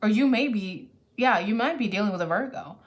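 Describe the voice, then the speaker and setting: A woman's voice: mid-range voice, expressive, a little fast. Chatty woman reading tarot cards. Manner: chatty, thinks aloud, restarts and self-corrects. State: caffeinated. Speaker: tarot reader.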